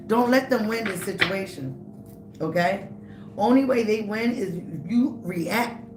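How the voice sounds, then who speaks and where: Emphatic woman giving a live tarot reading. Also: medium pitch. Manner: emphatic and repetitive, speaking straight to the viewer. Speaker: tarot reader. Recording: roomy, noisy background.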